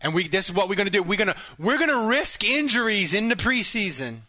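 A man hosting a casual fan call-in chat, excitable and quick to laugh. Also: high-pitched, a loud crowd. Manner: excitable, animated, laughs often. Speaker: fan podcast host.

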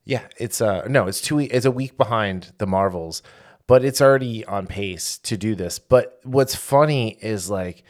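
A man co-hosting a casual podcast, reading out box-office figures with many fillers and quick self-corrections. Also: lowish voice. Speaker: podcast co-host.

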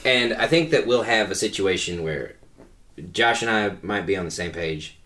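Emphatic man with lively pitch. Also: moderate pace, echoey room. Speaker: podcast co-host. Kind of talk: casual group chat.

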